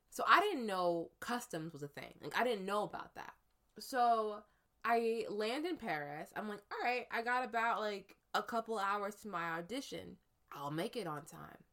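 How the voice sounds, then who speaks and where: An American woman tells a story in a casual conversation, speaking in a mid-range voice. She is lively and animated, performing the voices of the people she quotes.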